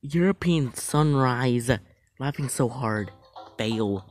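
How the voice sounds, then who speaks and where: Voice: mid-range voice, animated, slow, faint music behind. A creator who reads funny texts aloud, laughing often and apologizing for it. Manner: laughs often while reading. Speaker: video creator.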